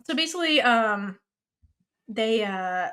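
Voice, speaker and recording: A woman co-hosting a podcast in casual chat, retelling scenes with lively acted-out lines and casual swearing. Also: fairly high pitch. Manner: animated, acts out characters' lines in quick voices. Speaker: podcast co-host. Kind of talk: casual chat recapping a TV series.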